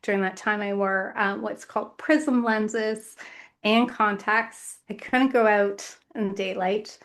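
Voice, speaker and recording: A woman, a guest author on a podcast, speaking in an earnest, measured way in short phrases. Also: medium pitch, steady tone. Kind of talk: reflective podcast conversation.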